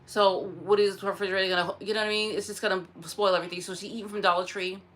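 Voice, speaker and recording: A woman's voice: medium pitch, flat delivery, rapid-fire, a bit bright. A woman talking to her vlog camera in a frustrated, upset rant, sighing and repeating herself, close to tears at times. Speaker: vlogger.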